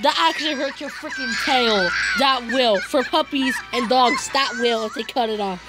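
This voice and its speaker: A high-voiced woman with a wide, bouncing pitch and a gravelly rasp, reacting excitedly in casual commentary. She talks at an unhurried pace and breaks into shrieks and exclamations. Loud music plays behind her. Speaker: reaction video host.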